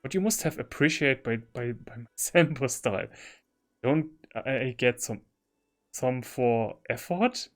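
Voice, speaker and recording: A man's voice: medium pitch, lively intonation, measured pace. German man giggling through game commentary. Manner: laughs often, reads game dialogue aloud. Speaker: gaming streamer. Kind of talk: casual let's-play commentary.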